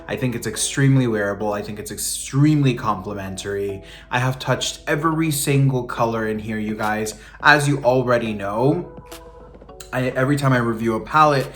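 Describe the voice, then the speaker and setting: A young man hosting a beauty review vlog, sassy and animated, throwing in campy slang and playful swoops. His voice sits at a middle pitch, with music playing faintly underneath. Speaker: beauty vlogger.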